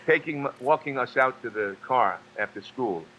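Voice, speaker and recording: A man from New York speaks at an ordinary pitch, telling stories haltingly and circling back with fillers and repeated words. His voice comes through slightly dull remote audio with a faint hum behind it. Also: animated, pushed and bright. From New York, USA. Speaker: guest, actor and singer. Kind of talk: casual storytelling interview.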